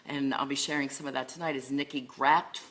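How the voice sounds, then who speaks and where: A middle-aged woman speaks as a relationship coach, her voice very low yet bright and forceful. She talks earnestly, working through lists with the odd filler word, in the manner of a solo talk to camera. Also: fairly even intonation, brisk. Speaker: life and love coach.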